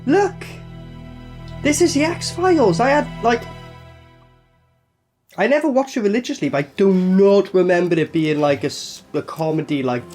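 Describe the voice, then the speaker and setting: A man reacting to a TV episode in loose, sweary chat, leaping up and down in pitch as he talks. Soft music from the episode plays faintly underneath him. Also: moderate pace, long pauses. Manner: excitable, swears freely, fills with "like" and "you know what I mean". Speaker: reaction video host. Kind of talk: casual reaction commentary.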